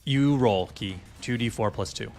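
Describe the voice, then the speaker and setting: A man's voice: mid-range voice, normal speed, vocal fry, darkish tone, faint music behind. A man running a tabletop game as game master, patiently explaining the rules step by step.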